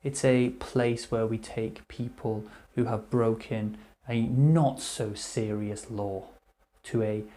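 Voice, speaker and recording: A man teaching English vocabulary, repeating each word slowly and clearly before explaining what it means. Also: fairly low pitch, fairly even intonation, mellow. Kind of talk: slow vocabulary lesson.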